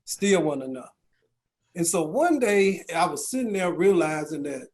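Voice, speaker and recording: A middle-aged man from Georgia, US, speaks animatedly but a little slowly, his slightly high voice carrying a darkish tone. As a county chief executive at a business round table, he tells stories laced with rhetorical questions and folksy asides.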